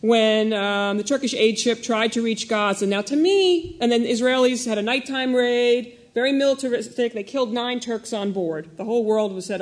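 A woman reporter speaking on a panel, a little emotional, talking quickly and telling stories with animation. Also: on the high side, darkish tone. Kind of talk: panel discussion.

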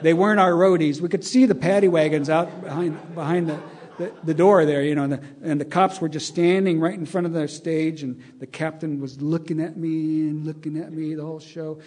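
A man's voice: fairly high pitch, steady tone, a little fast, darkish tone. Older man telling a wry story. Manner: wry, chuckling, acts out dialogue. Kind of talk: anecdotal storytelling to an audience.

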